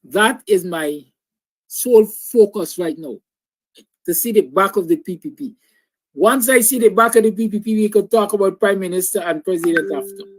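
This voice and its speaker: A man's voice: sits high, fairly bright tone, rough recording. A man hosting a call-in talk show, speaking emphatically and repeating his points. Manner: emphatic, repetitive, opinionated.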